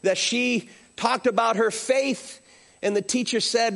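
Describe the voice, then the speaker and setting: A man's voice: very high voice, unhurried, gravelly. A middle-aged male pastor preaching a sermon, telling stories with acted-out quotes. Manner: animated storytelling with acted-out quotes.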